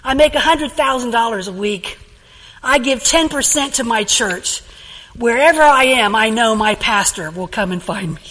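A woman playing a calm, unbothered rich man who talks low and relaxed, in an echoey church hall. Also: normal speed, a little hiss or hum. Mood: smug.

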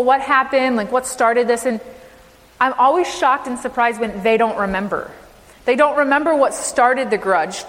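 A fairly high-voiced woman preaches with emphatic rhetorical questions, her sermon ringing with the long reverb of a church sanctuary. She speaks as a minister addressing a congregation. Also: fairly bright tone.

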